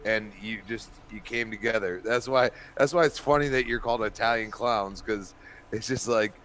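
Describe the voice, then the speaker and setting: A man's voice: lowish voice, moderate pace, slight background noise. A man co-hosting a casual podcast chat, telling rambling family stories with many restarts. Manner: rambling animated storyteller, many restarts and laughs. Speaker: podcast co-host.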